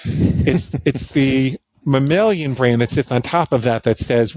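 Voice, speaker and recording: Speaking a little slowly in a medium-pitched voice, with slight background noise, a middle-aged psychologist guesting on an interview show shares conversational stories. He's animated, pokes fun at himself, and performs the voices of people he quotes.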